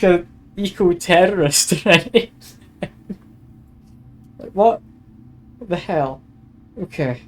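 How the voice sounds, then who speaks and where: A man's voice: sits high, lively intonation, slow, long pauses. A man streaming a detective game, chatting wryly and reading game text aloud. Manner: chatty, wry, reads aloud with asides.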